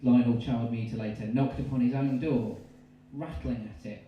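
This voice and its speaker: A man with an English accent telling an absurd story in stand-up, rambling and cutting in with deadpan asides. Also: mid-range voice, normal speed, few pauses. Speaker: stand-up comedian. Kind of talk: stand-up storytelling with silly voices. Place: live comedy venue. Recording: distant, very echoey room mic.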